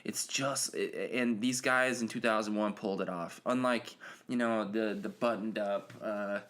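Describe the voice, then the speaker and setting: A man's voice: on the low side, fairly even intonation, a little slow, a bit bright. A man hosting a solo podcast, talking casually and rambling with many fillers and restarts. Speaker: podcast host.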